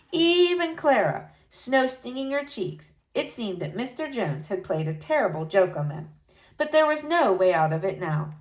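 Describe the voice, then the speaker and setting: A woman narrating a storybook aloud in an expressive, dramatic way. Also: mid-range voice.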